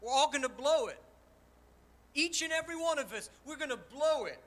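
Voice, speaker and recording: A male pastor preaching an impassioned sermon, swinging between loud and soft as he gives personal testimony. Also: very high-pitched, animated, normal speed. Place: church sanctuary.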